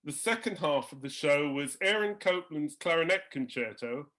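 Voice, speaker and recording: Speaking at normal speed with a fairly high pitch, a male guest storyteller recounts musical anecdotes conversationally. He's animated and imitates the voices of the people he quotes.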